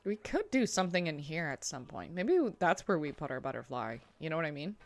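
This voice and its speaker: A woman's voice: sits low, sing-song, fairly quick. A woman streaming a zoo-building game, chatting casually to herself and her animals with lots of fillers. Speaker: gameplay streamer. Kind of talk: casual gaming commentary.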